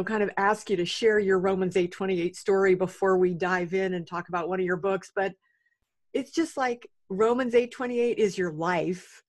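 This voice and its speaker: A woman hosting a faith podcast, introducing her guest and asking questions in an effusive way. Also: medium pitch. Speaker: podcast host.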